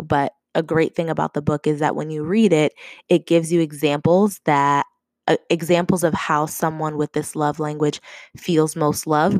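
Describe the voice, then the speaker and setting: A young woman hosts a podcast on her own, chatting casually and conversationally and laughing often. Her voice is low with a darkish tone, and there's no echo.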